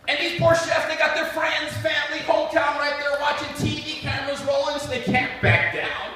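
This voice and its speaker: A man doing a stand-up set at an open mic, telling stories in an animated, profane way. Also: very high voice, normal speed, hardly any pauses, soft background music. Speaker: stand-up comedian. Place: open mic comedy venue. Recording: echoey room, distant mic.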